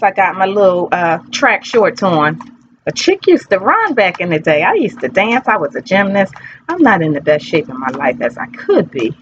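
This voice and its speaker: A woman's voice: low-pitched, noisy background. Woman tarot reader, casual rambling vlog delivery, dull lo-fi recording with faint background ambience. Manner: chatty, rambling, playful.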